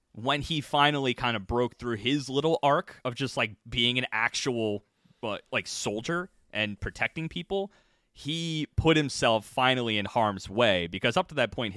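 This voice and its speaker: Laid-back man with a bright, dry voice. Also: mid-range voice, dry recording. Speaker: podcast co-host. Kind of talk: casual chat about anime.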